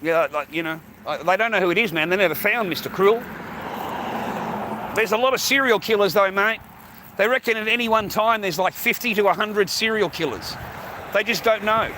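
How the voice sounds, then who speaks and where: A man with a high-sitting voice talks at a normal speed while livestreaming from a street, rambling to his viewers. He's Australian, curses a lot and keeps saying "mate," with traffic audible behind him.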